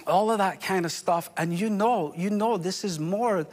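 Scottish man, pastor, high voice, impassioned sermon, sudden hushed drops. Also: moderate pace. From Scotland.

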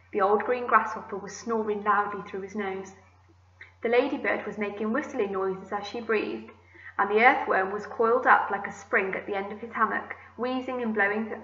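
A woman teacher reads a children's book aloud with gentle, expressive storytelling. Her voice is bright and forward. The room rings a little, and the sound is slightly muffled. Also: mid-range voice, reverberant, slight background noise. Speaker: primary school teacher.

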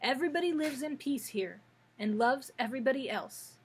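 A woman's voice: sits high, sing-song, a little slow, slight background noise, pitched above the performer's own voice. A woman reading aloud and voicing a young girl who speaks up firmly to her quarrelling pets. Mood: stern. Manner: bossy and stern when scolding. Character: stern little girl heroine, kindly but firm.

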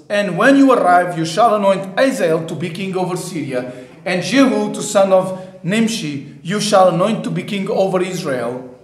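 High-voiced preacher man, echoey church. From South Africa. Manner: animated preaching, acts out voices. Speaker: pastor. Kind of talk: sermon. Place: church during service.

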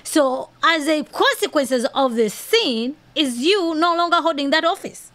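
A woman's voice: high-pitched, animated, a little slow, fairly bright tone. A woman hosting a podcast, giving earnest, opinionated commentary peppered with "you know" and "okay". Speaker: podcast host.

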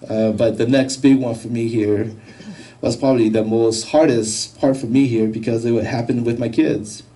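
Guy telling his testimony, stumbles and repeats words, soft dark voice, sounds a little distant. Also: mid-range voice, fairly even intonation. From United States. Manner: halting, repeats words, emotional. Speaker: guest giving a testimony. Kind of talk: personal storytelling.

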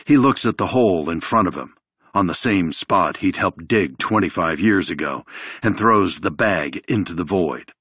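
A man reading a thriller audiobook in a measured, even delivery. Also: low-pitched, husky, no echo. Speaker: audiobook narrator. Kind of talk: scripted audiobook narration.

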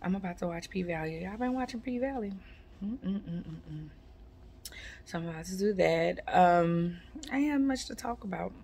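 A woman, chatting casually to her viewers in a rambling, relaxed way with lots of fillers. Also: on the low side, a little slow, a little hiss or hum. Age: 40s. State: sleepy, yawning. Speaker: vlogger. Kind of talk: casual chat to camera.

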